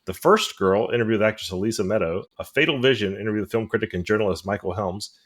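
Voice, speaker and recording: A man's voice: on the low side, fast. A man co-hosting a horror podcast, reading out disc extras and telling stories in casual chat. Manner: reads lists aloud, laughs often, retells anecdotes. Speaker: podcast co-host.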